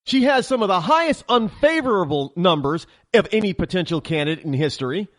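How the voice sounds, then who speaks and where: A man's voice: high-pitched, animated, brisk, fairly bright tone, no echo, clean studio sound. A man hosting a political talk show, ranting heatedly in a monologue and often stammering and restarting.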